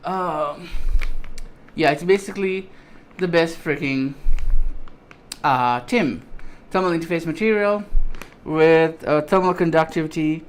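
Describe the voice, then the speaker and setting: A man with a slightly high voice shows off new computer parts in loose, excited casual chat. He rambles, restarts his sentences and fills pauses with ums. There is a faint hum of room ambience behind him. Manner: enthusiastic, rambling, many fillers and restarts. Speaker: tech vlogger.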